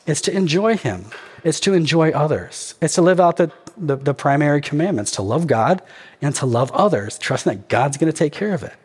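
Pastor guy preaching, kinda high voice, lively and jokey, long echo from the hall. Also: brisk, slightly rough. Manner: animated, jokey preaching with acted asides. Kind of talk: sermon.

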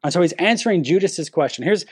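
A man preaching a sermon, walking his listeners through a text verse by verse. His voice sits a little above the usual male pitch, and he leans hard on key words, often restarting his sentences. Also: animated, quick pace, husky. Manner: teaching verse by verse, emphatic with frequent restarts. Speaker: pastor.

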